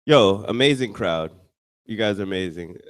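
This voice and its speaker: A man's voice: lowish voice, expressive, moderate pace. A man doing stand-up at a comedy bar, bantering loosely with the crowd. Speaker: stand-up comic. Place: comedy bar stage with audience.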